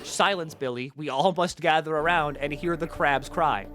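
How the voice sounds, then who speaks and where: A man doing a stern mother who shushes her child in a hushed, mock-solemn voice. It comes out low and quiet, with faint music in the background. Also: moderate pace, lightly acted.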